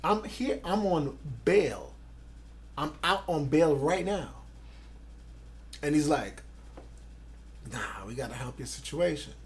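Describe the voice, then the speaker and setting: Man from Grenada in his forties, fairly high voice, animated storyteller, interview guest. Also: takes it slowly, pauses often, a little hiss or hum. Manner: animated, acts out quotes, loud and excited.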